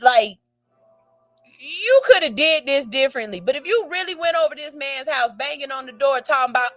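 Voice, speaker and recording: A woman's voice: sits high, lively intonation, normal speed, dry recording. A woman radio host reads out a listener's letter and gives a blunt, sassy, profane verdict with theatrical outbursts.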